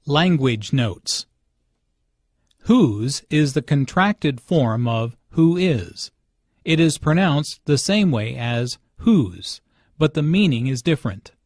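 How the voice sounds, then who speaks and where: Man teaching english, slow deliberate pace, lively intonation, dry close sound. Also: a little high, no room sound. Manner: slow, clearly enunciated explanations. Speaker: language teacher narrator. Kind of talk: scripted instructional narration.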